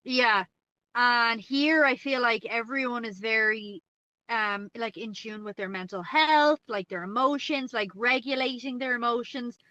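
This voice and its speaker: A chatty woman with a North Dublin Irish accent, her voice bright and a little high, scattering "like" through every sentence. The sound is dry and slightly dull. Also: a little slow, dry recording. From Ireland. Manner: chatty, many "like"s, laughs often. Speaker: guest co-host. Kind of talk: casual podcast chat.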